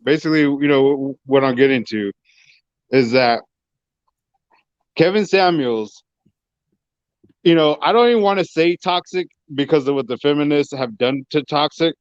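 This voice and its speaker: A young man with a fairly high voice joins a livestream over an online call, and the audio comes through dull and bone-dry. He talks hesitantly, restarting his sentences and filling gaps with "you know.". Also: normal speed, long pauses, clear, resonant tone, no room sound. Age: young adult. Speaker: guest on a livestream. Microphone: online call connection.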